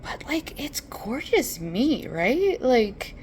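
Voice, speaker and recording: A woman's voice: high voice, very animated, slow pace, slight background noise, low-quality recording. A woman chatting casually in a rambling, chatty way while cooking in her home kitchen for her vlog. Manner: rambling, chatty, fond of swearing. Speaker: vlogger host.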